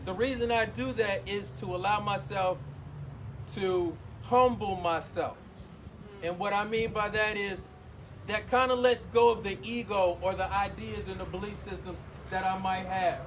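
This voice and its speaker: Outdoors at a street gathering, a man addresses the crowd directly in an impassioned speech at a community forum, projecting his voice with emotion. His voice sits high, with a steady, fairly bright tone and an unhurried pace, and outdoor noise can be heard behind it.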